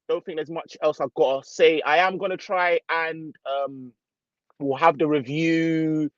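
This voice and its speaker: A young man hosting a casual live football stream, reading out viewer comments in relaxed slang. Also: mid-range voice, no echo, muffled recording. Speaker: football channel host.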